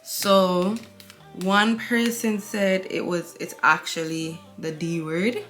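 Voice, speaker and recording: A woman's voice: lowish voice, steady tone, slow, fairly bright tone, faint music behind. A young woman vlogger chatting candidly and rambling while she gets ready at home, talking into her camera. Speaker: beauty vlogger. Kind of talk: casual chat while getting ready.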